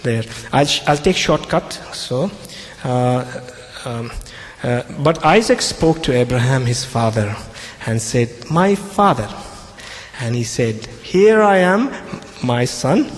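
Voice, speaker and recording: A man's voice: medium pitch, lively intonation, takes it slowly, a little hiss or hum. A man speaking as a Christian debater, retelling a scripture story emphatically. He repeats key phrases and checks in with the audience with "okay?". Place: large public debate hall. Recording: long hall reverb.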